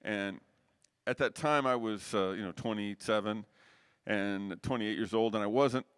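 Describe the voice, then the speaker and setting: A man's voice: on the low side, measured pace, a bit bright, clear, resonant tone, no room sound. Middle-aged male musician guest, rambling anecdotes, dry close mic. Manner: rambling anecdotal storyteller with frequent restarts. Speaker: guest jazz saxophonist. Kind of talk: casual storytelling interview.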